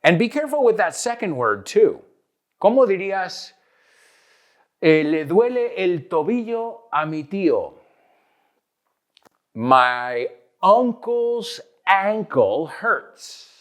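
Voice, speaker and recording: A man with a Northeastern US accent hosting a playful, energetic English lesson, switching between English and Spanish, with an announcer-style delivery. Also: a little high. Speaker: English teacher and host.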